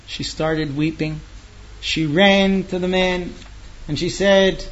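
High-voiced male storyteller, dramatic. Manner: lively, dramatic pauses. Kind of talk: oral storytelling. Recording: dull lo-fi recording.

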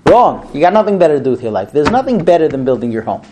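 A man's voice: fairly high pitch, rapid-fire, hardly any pauses, a little hiss or hum. A man teaching a small group about marriage, telling a story and acting out husband and wife in turn. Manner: animated storyteller acting out both spouses. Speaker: speaker giving a class on marriage. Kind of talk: lively talk to a small group.

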